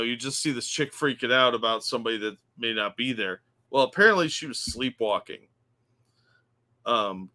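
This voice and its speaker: A man co-hosting a casual podcast who explains stories in a chatty, joking way. His tone is bright and forceful, at a middling pitch. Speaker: co-host.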